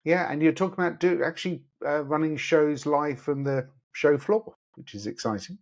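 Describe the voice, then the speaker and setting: A man's voice: on the high side, moderate pace. A man from the United Kingdom hosting an interview, friendly and encouraging. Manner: friendly, encouraging, full of praise. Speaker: interview host. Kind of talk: casual interview chat.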